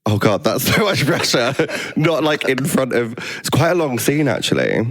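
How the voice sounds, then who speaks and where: A man's voice: medium pitch, moderate pace. A man hosting a podcast, chatting casually and laughing often. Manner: chatty, laughs a lot, animated. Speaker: podcast host. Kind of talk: casual chat.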